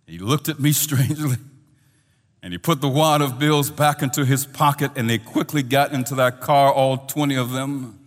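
A male pastor telling a story in a sermon, animated, his voice trailing off softly at the ends of phrases. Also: mid-range voice, moderate pace, big-room sound.

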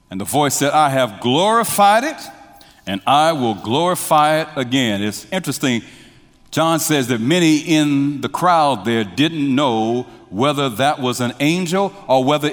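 Slow-preaching pastor in a reverberant hall. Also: male voice, on the high side. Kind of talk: sermon.

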